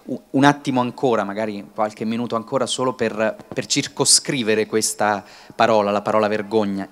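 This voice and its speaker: Man moderating, hesitant. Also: mid-range voice. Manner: hesitant, with restarts. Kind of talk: moderating a public talk.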